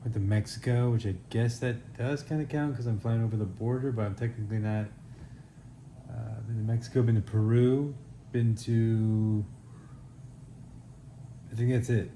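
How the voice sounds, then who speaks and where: A man's voice: medium pitch, steady tone, moderate pace, long pauses, dark tone, slight background noise. Rambling man in an echoey room. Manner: rambling, self-correcting. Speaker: call-in segment guest. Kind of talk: casual recorded message.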